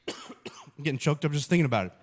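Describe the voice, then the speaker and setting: This humorous sermon comes from a pastor with a fairly high male voice, moving at a moderate pace. He's lively and animated as he tells stories, joking about himself all along.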